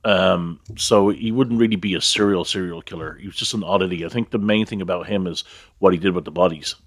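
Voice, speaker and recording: A man's voice: low-pitched, fairly quick, no room sound, studio quality. A man co-hosting a podcast, giving matter-of-fact opinions on a TV series in casual chat. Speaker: podcast co-host. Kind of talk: casual chat about TV shows.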